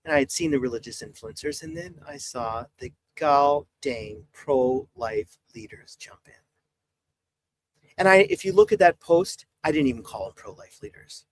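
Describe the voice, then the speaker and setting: A man's voice: mid-range voice, animated, normal speed. A man in his forties, a priest talking on a live stream, exasperated and preachy as he urges his viewers. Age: 40s. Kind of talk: impassioned live-stream talk.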